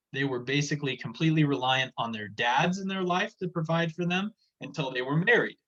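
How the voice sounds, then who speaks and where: Man, teacher, casual lecture, chatty explainer, slightly high voice, dull lo-fi recording. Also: a bit bright. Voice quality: chatty, explanatory, paraphrases in plain words.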